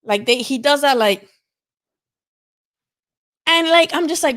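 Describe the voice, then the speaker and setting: A woman's voice: high voice, normal speed, pauses often, fairly bright tone. A woman hosting a live boxing talk stream, chatting casually and animatedly, swearing freely and filling with "like" and "you know". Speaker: boxing show host.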